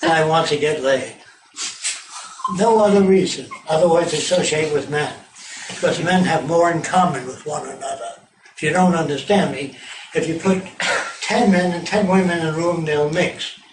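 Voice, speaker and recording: A man's voice: on the high side, moderate pace. An older man giving an informal public talk on tour, blunt, profane and sardonic. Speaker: lecturer on tour. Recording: echoey hall from far off, noisy.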